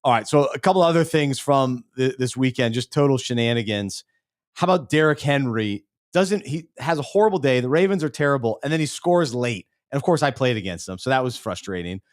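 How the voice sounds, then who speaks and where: A man co-hosting a casual podcast, rambling a little and tripping over his words, often dropping low at the ends of lines. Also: lively intonation, fairly quick. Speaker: podcast co-host.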